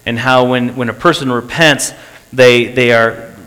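A man's voice: mid-range voice, steady tone, measured pace, fairly bright tone. A man preaching and telling of a church meeting, earnest, repeating phrases for emphasis. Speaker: pastor. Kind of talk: sermon testimony. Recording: long hall reverb.

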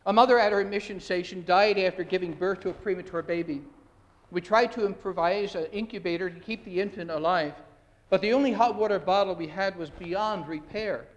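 A man's voice: high-pitched, fairly quick, muffled recording. A man preaching a sermon as pastor, earnest, with frequent restarts and rising emphasis. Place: church sanctuary. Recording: long hall reverb.

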